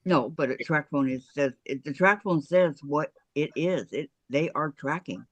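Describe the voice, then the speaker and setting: A woman's voice: deep voice, unhurried, dry recording. A woman hosting a casual video call who chats, reads viewer comments aloud and laughs easily. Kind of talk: casual chat.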